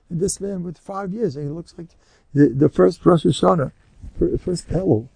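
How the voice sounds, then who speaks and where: Older American rabbi lecturing, gravelly, husky, dry close sound, lively animated storyteller. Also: male voice, high-pitched, moderate pace, dry recording. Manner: animated storyteller who acts out scenes. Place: lecture room with listeners.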